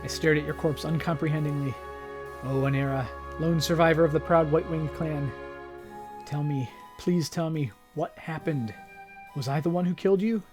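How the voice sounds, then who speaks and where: A man with a fairly high voice reads a game's story text aloud for his gaming channel. He reads expressively and dramatically, then drops into casual remarks. Faint game music plays underneath. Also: steady tone, normal speed.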